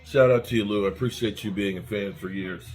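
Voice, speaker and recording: A man's voice: lowish voice, a little fast, darkish tone, faint music behind. Fired-up man ranting about his team. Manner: heated, swearing, repetitive. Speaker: fan channel host. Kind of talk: angry fan rant commentary.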